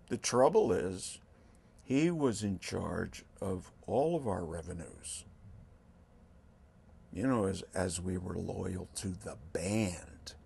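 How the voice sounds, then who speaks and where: A man's voice: low voice, gravelly, slight background noise. A man in his sixties, a rock guitarist, telling stories in an interview and acting out what others said. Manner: animated storyteller, acts out quotes. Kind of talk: storytelling interview.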